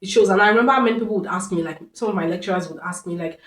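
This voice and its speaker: A woman's voice: mid-range voice, rapid-fire. A woman vlogger telling a personal story in an earnest, reflective way, repeating phrases for emphasis. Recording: roomy echo.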